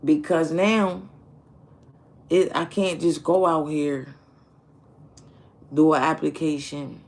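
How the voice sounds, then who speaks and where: Slow, gravelly-voiced man telling his story. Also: on the high side, fairly even intonation. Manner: candid, profane, reflective, repeats phrases. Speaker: streamer. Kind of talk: casual personal storytelling.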